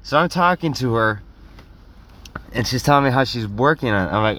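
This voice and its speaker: A man's voice: mid-range voice, lively intonation, fairly quick, long pauses, fairly bright tone. A young man telling a rambling, self-deprecating comic story in a casual way, acting out quotes in other voices.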